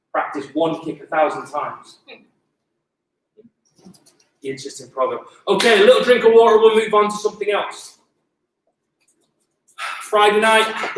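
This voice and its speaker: A man teaching an online Muay Thai class, coaching energetically and mixing in sound effects. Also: high voice. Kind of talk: online fitness class instruction. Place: gym. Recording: echoey room, voice from a distance.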